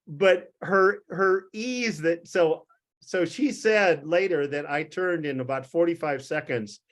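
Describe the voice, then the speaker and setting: An older man, a physician, telling a rambling, self-deprecating anecdote to a group on a video call, with frequent restarts and chuckles. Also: a little high.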